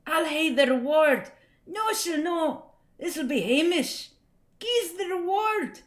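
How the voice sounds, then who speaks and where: A woman's voice: very high voice, lively intonation, takes it slowly, pitched above the performer's own voice, full character voice. A woman doing a chirpy Scottish comic-strip lad. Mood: hammy cheerful. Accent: put-on Scottish. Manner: bouncy, exaggerated, giggly read-aloud. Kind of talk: comic read-aloud on a livestream.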